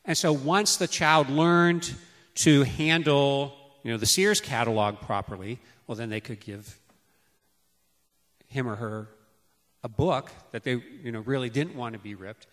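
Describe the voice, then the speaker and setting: Man in his fifties, preaching on parenting, anecdotal and animated, in a reverberant hall. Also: mid-range voice, measured pace. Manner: storytelling, acts out calls to his children loudly. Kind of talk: sermon on parenting.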